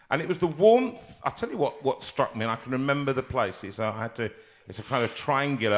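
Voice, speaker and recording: A middle-aged man hosts a live-streamed chat. His voice is bright and forceful, and he teases his guest playfully and talks with lots of animation. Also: medium pitch. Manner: jovial, teasing, animated. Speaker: host.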